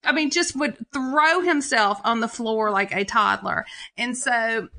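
A woman's voice: a little high, measured pace, pushed and bright. A middle-aged woman, animatedly telling stories in a casual chat and laughing often.

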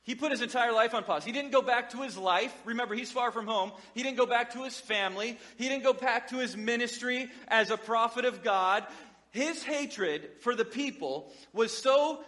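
High-voiced joking male pastor. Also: normal speed, bright, forceful tone, long reverb tail. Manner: conversational and joking, with many restarts. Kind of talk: sermon.

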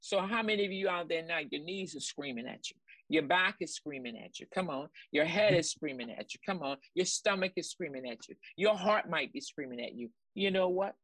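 A woman's voice: lowish voice, expressive, brisk, fairly bright tone, no echo. A woman co-hosting a ministry broadcast, preaching in an emphatic, repetitive way and urging her listeners on. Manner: exclamatory praise. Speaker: ministry co-host. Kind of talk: preaching commentary.

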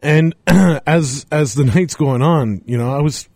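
A man's voice: fairly high pitch, slow, creaky, a little mellow, no echo, studio quality. A man telling a rambling, laughing bar story in casual podcast chat.

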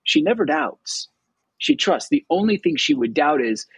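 Man, husky voice, fairly high pitch, animated scripture discussion, dry close sound. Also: normal speed, no echo, low-quality recording. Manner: animated, explains scripture with quoted paraphrases. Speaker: host of a Gospel reflection show.

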